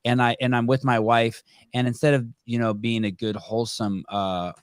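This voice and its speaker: A male podcast host with a middle-pitched voice tells anecdotes in an easy, chatty way. The recording sounds dry and close, with little room echo. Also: normal speed, clean tone. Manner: relaxed, chatty, swears casually. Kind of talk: casual conversation.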